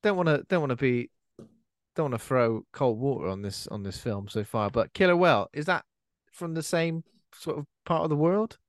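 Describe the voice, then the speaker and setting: A man's voice: medium pitch, expressive, moderate pace, no room sound. Dry-voiced man joking about films. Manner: jokey, acts out quoted lines in silly voices. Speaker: podcast co-host. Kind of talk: casual film chat.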